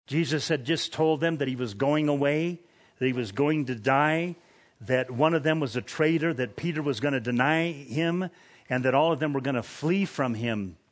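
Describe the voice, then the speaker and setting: A man's voice: mid-range voice, moderate pace. A man preaching a sermon from scripture in an earnest, emphatic way, lifting his voice on key points. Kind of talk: expository sermon.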